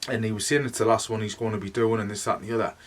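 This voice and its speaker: A man's voice: lowish voice, fairly even intonation, racing, recorded from a distance. A man with a Northeast English accent, telling his story as a medium in a rambling, chatty way, with "like" all through. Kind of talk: casual storytelling monologue.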